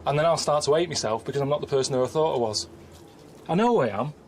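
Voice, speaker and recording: A man in his thirties giving casual, deadpan travel-show commentary, grumbling and complaining as he goes. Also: a little high, racing, slight background noise. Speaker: travelling presenter.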